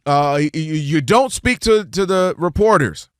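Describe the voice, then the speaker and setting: A man hosting a sports talk show, arguing in an animated way and acting out fans' voices. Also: a little high, measured pace, smooth, no room sound, clean studio sound. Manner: animated, acts out fans' voices, repeats himself.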